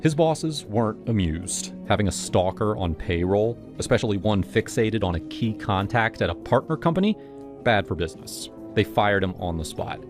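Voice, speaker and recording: Low-ish guy voice reading a creepy story, brisk and wry, loud music under it. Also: animated. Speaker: story narrator. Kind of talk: scripted first-person narration. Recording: over loud background music.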